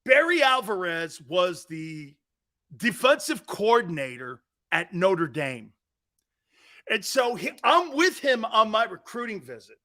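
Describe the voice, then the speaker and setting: A middle-aged man from Connecticut hosting a sports talk show, telling stories loudly, laughing and acting out the voices of people he quotes. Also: high-pitched, sing-song, unhurried.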